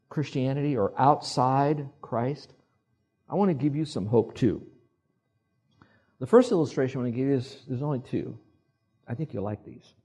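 A male pastor preaching a sermon, telling animated stories and acting out the quotes. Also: medium pitch, husky. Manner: animated storyteller who acts out quotes.

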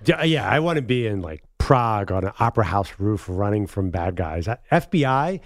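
Lively, animated male sports radio host. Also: fairly low pitch, brisk, no echo, studio quality. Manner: playful, self-mocking, jokey. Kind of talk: casual sports radio banter.

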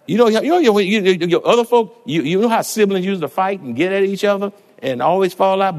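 A man's voice: sits high, expressive. A middle-aged male pastor, preaching a sermon and calling his congregation to respond. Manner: rising to shouted, drawn-out exclamations, calls congregation to respond. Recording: long church reverb.

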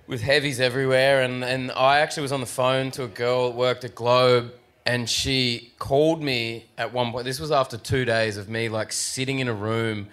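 A man's voice: mid-range voice, a bit bright. A man telling a story in a casual, profane way, putting on raised voices for the people he quotes. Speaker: guest surfer.

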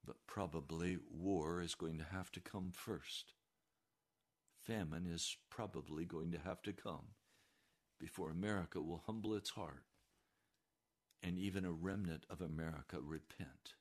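A man preaching a sermon with passion, dropping to hushed warnings and rising to loud declarations. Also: low-pitched. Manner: impassioned, swings between hushed warnings and raised declarations.

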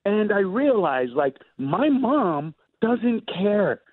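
A high-pitched man spins family stories in loose, animated chat, breaking into laughter as he acts them out. The sound is dry and narrow, almost like a phone line. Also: slow pace, no room sound. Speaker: stand-up comedian guest. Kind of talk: casual storytelling chat.

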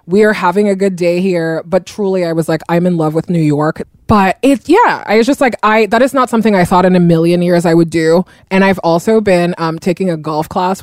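A woman in casual conversation, telling animated stories in a chatty, playful way. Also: lowish voice, dry recording, studio quality. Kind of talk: casual chat.

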